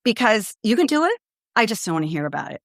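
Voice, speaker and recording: A woman's voice: medium pitch, big pitch swings, quick pace, no room sound, clean studio sound. An older woman, a pediatrician hosting a podcast, giving direct, good-humored parenting advice to callers. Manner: direct, warm-humored, acts out kids and parents in quotes. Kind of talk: advice show, answering callers.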